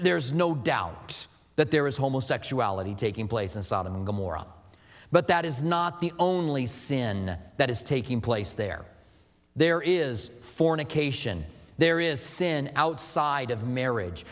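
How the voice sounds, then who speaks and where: A pastor preaching a sermon in a loose, conversational way, with asides and filler words. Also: male voice, on the high side, in a large hall.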